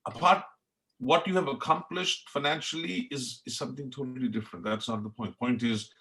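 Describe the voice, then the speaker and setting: A middle-aged chef from India, with an Indian accent, talks earnestly and passionately about his life as an interview guest on a podcast. His mid-range voice has a sharp edge and runs a little fast.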